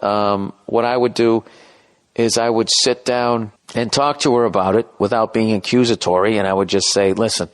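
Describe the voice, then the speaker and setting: Profane ranting middle-aged male podcaster. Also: on the low side. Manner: profane, self-deprecating, ranting. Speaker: podcast host. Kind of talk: rambling comedic podcast monologue.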